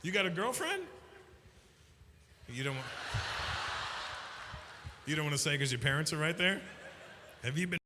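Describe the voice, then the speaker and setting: A man's voice: fairly high pitch, very animated, background noise. Teasing man in his fifties on stage. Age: 50s. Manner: teasing, quick banter with audience. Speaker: stand-up comedian. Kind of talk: stand-up crowd work. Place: live comedy venue with audience. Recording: reverberant hall, faint crowd ambience.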